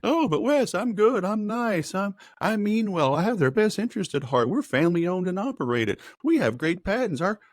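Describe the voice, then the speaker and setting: A man's voice: sits high, sing-song, normal speed, hardly any pauses, dry recording, studio quality, pitched above the performer's own voice. A man doing a whiny, defensive salesman. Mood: pleading. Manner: earnest, pleading, self-justifying. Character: defensive, well-meaning male salesperson.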